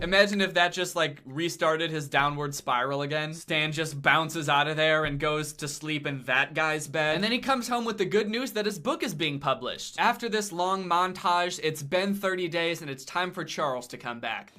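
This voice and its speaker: A man's voice: on the high side, normal speed, pushed and bright. A man giving sarcastic, incredulous comedy commentary on a movie. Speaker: comedy YouTuber.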